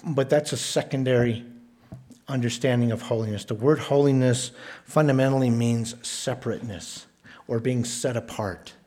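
A male pastor delivering a sermon in a measured, emphatic way. He leans on repetition to drive his points home, and his voice sits at an ordinary pitch for a man. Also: a little mellow. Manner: emphatic, repeats words for stress, measured delivery.

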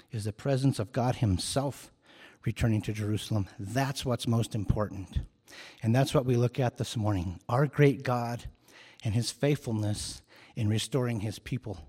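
A man's voice: medium pitch, mellow, long reverb tail. A man preaching a sermon as a pastor, earnest and emphatic, repeating key phrases for emphasis.

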